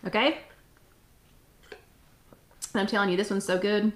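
Excited lady hosting a live chat from her kitchen, bubbly, drags out her words. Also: mid-range voice, background noise. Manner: bubbly and excited, drawn-out exclamations. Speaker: host.

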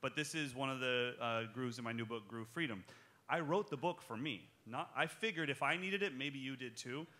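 A man's voice: medium pitch, normal speed, bright, forceful tone. A man teaching a live drum clinic, joking and talking straight to the audience as he explains his playing and takes questions. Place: music shop clinic in front of an audience.

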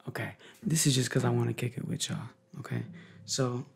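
A man chatting to viewers in a casual ASMR video, moving between soft talk and whispers, rambling, upbeat and affectionate. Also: medium pitch, fairly even intonation, brisk, creaky, a little hiss or hum. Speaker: ASMR creator.

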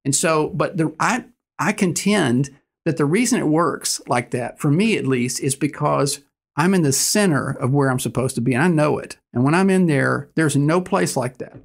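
A man in his sixties, a guest telling stories in conversation, earnest and animated, acting out the dialogue. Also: a little high, moderate pace, creaky. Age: 60s. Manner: earnest, animated storyteller who acts out dialogue. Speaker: guest, business owner. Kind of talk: conversational storytelling.

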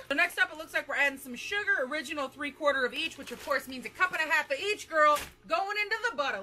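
A woman's voice: sits high, expressive, quick pace, hardly any pauses, sharp tone. A woman beauty vlogger chatting casually in a camper, giggly and jokey, rambling between asides. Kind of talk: casual chat.

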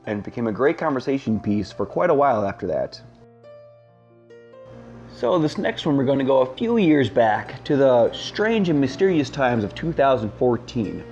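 Rambling, animated young man telling stories. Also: medium pitch, normal speed, muffled recording, faint music behind. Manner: rambling, self-mocking, heavy on fillers. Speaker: storyteller, channel host. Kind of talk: casual storytime monologue.

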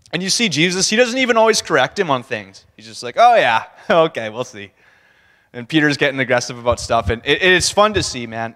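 A man's voice: mid-range voice, pushed and bright. Man talking casually in a reverberant church. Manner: conversational, laughing, acts out quotes. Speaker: church speaker. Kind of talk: casual sermon talk. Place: church sanctuary. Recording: long church-hall reverb.

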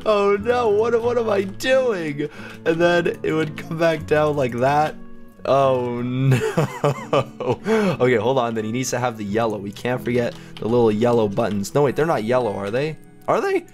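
A man talks through his game as he plays, chatty and easily amused, laughing at his own efforts. His pitch sits in an ordinary middle range. Faint music and keyboard typing run behind him. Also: moderate pace. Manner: giggly, self-mocking, chatty. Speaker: gaming YouTuber. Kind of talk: casual gameplay commentary.

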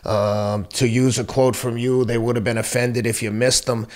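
Relaxed man co-hosting boxing chat. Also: medium pitch, normal speed. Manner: relaxed, laughs easily. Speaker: podcast co-host. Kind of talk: casual sports talk.

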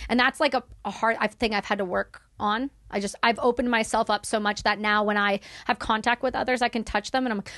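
Young woman, higher pitch, dry close mic; candid, animated storyteller who swears freely. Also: brisk, dry recording. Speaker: guest.

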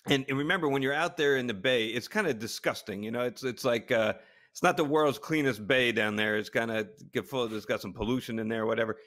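A middle-aged man spins an anecdote in easy, casual podcast chat. He laughs often and stumbles over his restarts, with an average voice that is neither high nor low. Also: quick pace, a bit bright. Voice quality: short of stature (said), plain voice. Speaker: podcast co-host, former astronaut.

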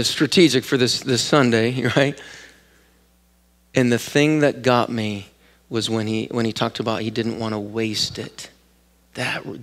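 A man preaching a sermon as pastor, animated and jokey, asking the congregation questions and acting out voices in quotes. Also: medium pitch. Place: church sanctuary.

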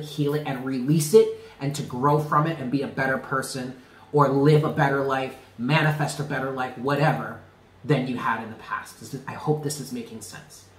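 A man giving a spoken tarot reading, earnest and emphatic, often repeating himself and dropping low on key words. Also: reverberant. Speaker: tarot reader.

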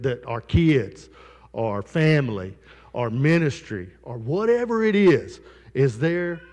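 A man's voice: mid-range voice, darkish tone, long reverb tail. A male pastor preaching a sermon in a conversational style, with asides to the congregation in a church sanctuary.

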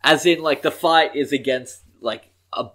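A man co-hosting a comedy podcast, rambling and energetic, often restarting his phrases. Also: on the high side, measured pace. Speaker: podcast co-host. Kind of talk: casual comedic chat.

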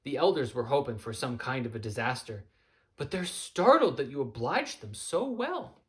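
A man voicing a wise, gentle gull teacher. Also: medium pitch, big pitch swings, normal speed. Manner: gentle, patient, lightly playful. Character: wise male seagull teacher, calm and gently teasing.

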